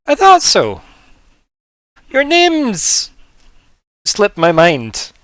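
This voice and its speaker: A lazy, forgetful sloth-like fellow, put on by a man in a pitched-up, drowsy voice. He sounds indignant at being woken and loses track of who he has met. The sound is dry and close. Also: huge pitch swings, drawn-out words, fairly bright tone, no room sound, heavily acted. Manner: sleepy, forgetful, theatrically indignant.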